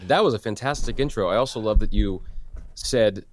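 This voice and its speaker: A man in his late thirties from New York City, a guest in a podcast interview, chatty and self-deprecating with halting restarts. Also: fairly low pitch. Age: 30s. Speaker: guest actor and producer.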